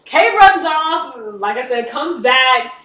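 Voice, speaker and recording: Animated woman in an echoey room. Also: slow. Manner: animated, acts out characters' lines with swings in pitch and loudness. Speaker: podcast co-host. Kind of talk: casual chat, retelling a story. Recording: echoey room, distant mic, faint background noise.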